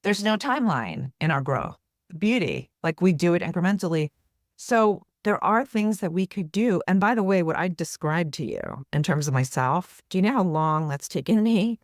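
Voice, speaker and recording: Earnest lower-voiced woman therapist. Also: lively intonation, moderate pace, no echo, clean studio sound. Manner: earnest, explanatory, tags points with "right?". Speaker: therapist and author, podcast guest. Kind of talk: conversational interview.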